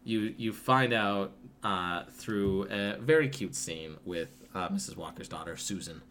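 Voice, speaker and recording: Laid-back, rambling low-voiced man. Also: unhurried, a bit bright, a little hiss or hum. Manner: rambling, laid-back, profane, lots of fillers. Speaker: podcast co-host recapping a film. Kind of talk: casual retelling with acted quotes.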